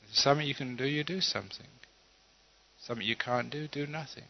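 A male Buddhist teacher tells a parable in an easy, chuckling way and leaves plenty of pauses. His voice sits at a middle pitch. The recording is slightly dull and lo-fi. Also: vocal fry, slight background noise. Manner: relaxed, chuckling storyteller with pauses. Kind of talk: humorous dharma talk with storytelling.

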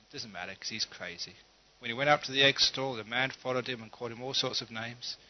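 A male Buddhist teacher tells a parable in an easy, chuckling way and leaves plenty of pauses. His voice sits at a middle pitch. The recording is slightly dull and lo-fi. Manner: relaxed, chuckling storyteller with pauses. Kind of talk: humorous dharma talk with storytelling.

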